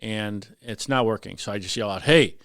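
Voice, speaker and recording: Veteran fire lieutenant, fairly low voice, lively storyteller; dry studio sound. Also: male voice, moderate pace, creaky, clean tone, dry recording. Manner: animated, acts out voices in his story. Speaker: firefighter lieutenant guest. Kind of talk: casual storytelling on a podcast.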